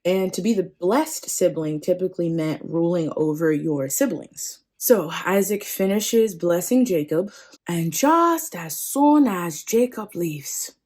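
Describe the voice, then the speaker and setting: A woman's voice: on the low side, lively intonation, unhurried, a little mellow. A woman hosting a podcast, casually retelling a Bible story with slangy, joking asides. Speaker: podcast host.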